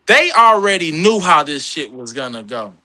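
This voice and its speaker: A man's voice: normal speed, no room sound. A man in his thirties, a comedian and actor, telling stories in a casual podcast chat and acting out the people he quotes. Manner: animated, acts out quoted people in a higher voice.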